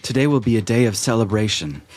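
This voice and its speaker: A man voicing a prim, middle-aged female gnome archivist with a put-on French accent, formal and measured. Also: on the low side, animated, a little mellow.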